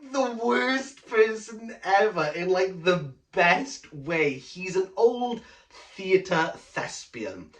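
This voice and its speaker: A woman giving a book review in a casual vlog, gushing and animated with lots of "like" fillers. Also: on the low side. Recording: roomy, from a distance from the mic.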